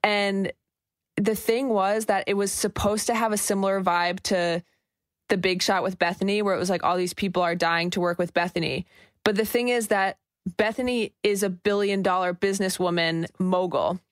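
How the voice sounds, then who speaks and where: A woman's voice: mid-range voice, steady tone, moderate pace, no echo. Opinionated woman podcast co-host, sarcastic asides, dry close-miked sound. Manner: snarky, opinionated, rambling asides. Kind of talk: casual gossip chat.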